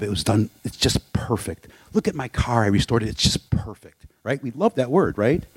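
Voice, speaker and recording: A man's voice: fairly low pitch, a little mellow, dry recording. A man preaching a sermon in a candid, conversational way, with asides and rhetorical questions. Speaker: pastor.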